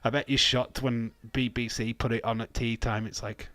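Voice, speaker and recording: A man's voice: medium pitch, little pitch movement, normal speed, sharp tone, no echo. A Welsh man from Wales, hosting a wrestling watch-along stream with rambling, jokey, sweary casual commentary on a close mic.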